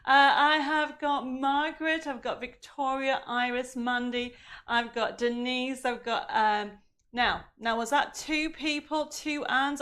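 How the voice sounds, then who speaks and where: A woman's voice: on the high side, sharp tone. A woman hosting a live craft show from her home studio, chatting and reading out viewers' greetings, with a slightly strained voice. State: coughing, voice going. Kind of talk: live-stream chat reading viewer comments.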